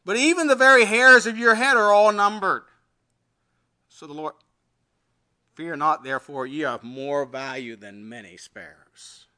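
A male pastor preaching a sermon, reading scripture aloud and swinging between emphatic rises and quiet, dropped endings. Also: high-pitched, a little slow. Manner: preaching with scripture readings in King James wording.

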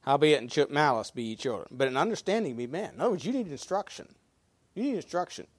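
A man preaching a sermon as pastor, folksy, swinging between loud emphasis and quiet asides. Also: on the high side, expressive, quick pace, breathy edge, no echo.

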